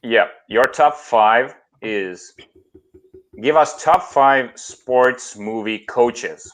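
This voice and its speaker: A man's voice: medium pitch, extremely slow, fairly bright tone. A man co-hosting a podcast in casual chat, giving short agreeable replies and setting up topics. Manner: brief, agreeable interjections, sets up the games. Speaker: podcast co-host.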